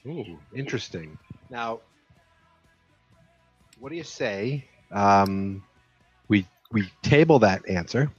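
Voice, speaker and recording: A man co-hosting a casual podcast, trading dry, deadpan quips. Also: on the low side, slow pace, long pauses, slightly rough, highs cut off, soft background music. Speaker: podcast co-host.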